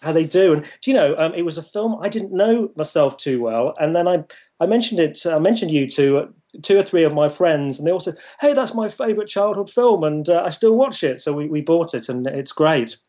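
A northern English man hosts the interview, pausing on many ums and laughing easily. His voice sits a little high for a man. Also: lively intonation, warm tone. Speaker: host. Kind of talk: casual interview.

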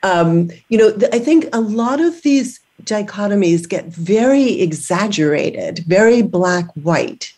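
A woman's voice: medium pitch, animated, a little slow, few pauses, darkish tone. A woman hosting an interview, asking reflective questions in a searching way, circling and repeating as she goes. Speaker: podcast host.

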